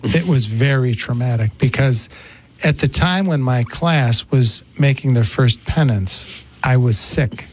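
Male talk host, mid-pitched voice, animated storyteller, chatty. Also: a little slow, husky. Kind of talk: casual chat.

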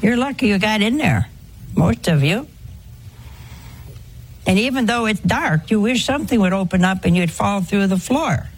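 An older woman giving a conversational religious talk, folksy and gently humorous, full of rhetorical questions. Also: mid-range voice, expressive, normal speed, pauses often, husky. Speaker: religious speaker. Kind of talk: talk to an audience on confession.

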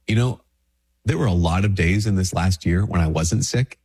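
Husky-voiced priest, easygoing and chatty. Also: male voice, sits low, moderate pace, a little mellow. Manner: conversational, with frequent restarts and fillers. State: sick with a stuffy nose. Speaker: Catholic priest. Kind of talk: casual spiritual talk to camera.

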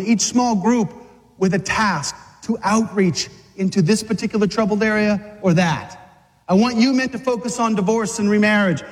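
High-pitched guy preaching hard to a room of men, dramatic, echoey hall. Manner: impassioned, dramatic, acts out voices. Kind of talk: sermon to men. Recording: long hall reverb.

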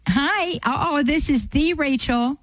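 A woman hosting a call-in radio show, leading a spoken prayer and talking warmly with callers in an earnest, repetitive way. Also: sits high, slow, dry recording, rough recording. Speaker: radio host.

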